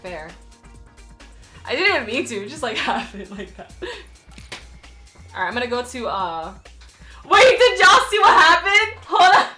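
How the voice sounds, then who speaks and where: A woman's voice: high-pitched, sing-song, moderate pace, pauses often, bright, forceful tone, faint music behind. A young woman streamer chatting casually with her viewers, often laughing and apologizing as she reads chat.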